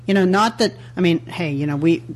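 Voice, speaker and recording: A woman's voice: fairly low pitch, fairly quick, a little mellow, slight background noise. A woman co-hosting a podcast, giving tips in a chatty, rambling way with lots of "you know" and "like.". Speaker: podcast co-host. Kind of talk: casual podcast chat.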